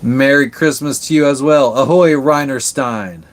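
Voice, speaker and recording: A man's voice: mid-range voice, measured pace. A man hosting a live stream from his sailboat, chatting casually with viewers, laid-back and rambling, swearing freely. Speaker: livestream host answering chat.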